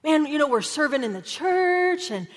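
A woman preaching a sermon in an animated, conversational way, often checking in with "right?". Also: high voice, moderate pace. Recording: long hall reverb.

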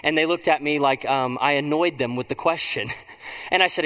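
A man's voice: a little high, fairly quick, a bit bright, long reverb tail. A man preaching a conversational sermon as pastor, prompting the congregation to respond.

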